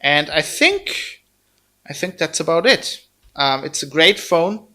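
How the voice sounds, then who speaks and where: A man's voice: on the high side, big pitch swings, takes it slowly, pushed and bright. A man with a German accent giving a casual, blunt phone review, chatty and full of fillers and restarts. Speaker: tech reviewer.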